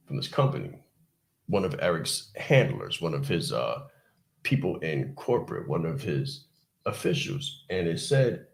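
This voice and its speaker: A man's voice: deep voice, creaky, reverberant. A man hosting a podcast, telling a motivational personal story in an emphatic, repetitive way and speaking straight to his listeners. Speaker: podcast host.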